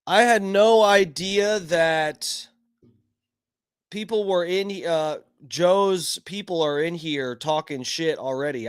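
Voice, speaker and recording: A man hosting his own live stream, rambling casually with plenty of swearing and shout-outs to chatters by name. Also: fairly high pitch, clear, resonant tone, no echo, studio quality. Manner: rambling, profane, greets chat by name. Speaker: livestream host.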